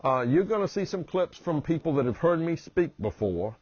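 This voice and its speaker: Southern guy talking real slow, humorist pitching himself, kinda husky, dull lo-fi sound. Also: very animated, a little mellow, dry recording. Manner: slow, drawling delivery. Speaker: humorist and motivational speaker. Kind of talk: promotional self-introduction with anecdotes.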